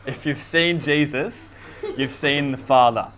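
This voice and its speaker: A man's voice: medium pitch, a little slow, a crowd in the background. Man preaching in a casual, laughing way. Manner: laughs often, reads scripture aloud emphatically. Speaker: pastor. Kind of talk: casual sermon.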